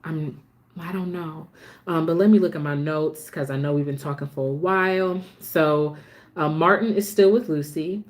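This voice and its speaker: A woman with a low voice talks through the week's soap episodes in a loose, chatty way. She often restarts her sentences and admits the scenes move her. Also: moderate pace. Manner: chatty, restarts sentences, gets emotional about the show. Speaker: soap opera recap host. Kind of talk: casual chat.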